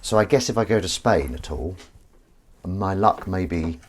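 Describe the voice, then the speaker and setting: Washing up in his own kitchen, this livestream host chats casually and reads comments aloud from the chat, rambling and running himself down. His low-pitched voice is animated and moderately paced. Heavy background noise surrounds him, with dishes and cutlery clinking.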